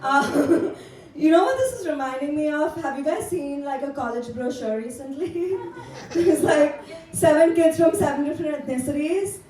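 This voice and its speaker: A woman's voice: high-pitched, moderate pace, a little mellow. A young woman from India doing a bubbly, teasing stand-up set in a basement club. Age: young adult. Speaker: stand-up comedian. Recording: echoey room from far off.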